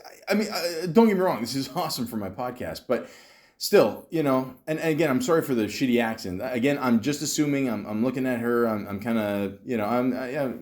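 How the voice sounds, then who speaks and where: A man's voice: mid-range voice, a little mellow. A man hosting a comedy podcast, ranting in exasperation and stammering often. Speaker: podcast host. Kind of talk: comedic commentary.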